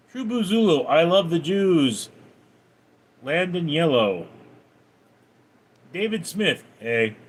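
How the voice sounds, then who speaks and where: A man's voice: on the high side, breathy edge. A man livestreaming, reading viewers' names and comments aloud, then answering them offhand. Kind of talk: reading out and answering live chat.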